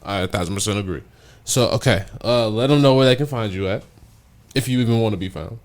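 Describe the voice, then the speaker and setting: A man with a St. Louis accent hosts a casual podcast chat. He talks in a relaxed, slangy way and plugs the show with easy confidence. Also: lowish voice, fast talker. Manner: laid-back, hypes the show with slang. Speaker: podcast host.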